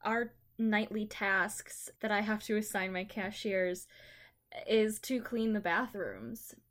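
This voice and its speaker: A young woman chatting casually as a podcast co-host, telling lively stories and acting out the people in them. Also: mid-range voice, slow pace. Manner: animated storyteller, acts out customers in quotes. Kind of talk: casual chat.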